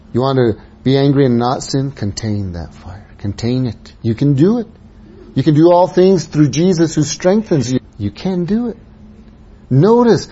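A man preaching a sermon, dropping to soft low asides and rising to raised, urging exhortation. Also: slightly rough. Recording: dull lo-fi sound.

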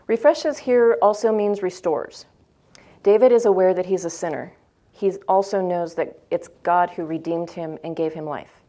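A woman's voice: fairly low pitch, moderate pace, mellow. A woman teaching a Bible study in a conversational way. She often checks in with her listeners and repeats phrases for emphasis.

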